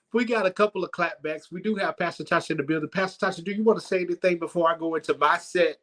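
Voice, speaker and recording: A man hosting a comedic church livestream, telling stories in a lively way with frequent stammered restarts. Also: high-pitched, fast, poor audio. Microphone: livestream microphone.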